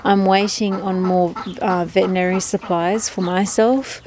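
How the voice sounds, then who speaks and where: A woman's voice: medium pitch, steady tone, normal speed, a crowd in the background. A woman keeping ducks, talking to the camera outdoors in a rambling, chatty way and cooing at her birds in baby talk. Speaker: duck keeper. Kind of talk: casual vlog chat.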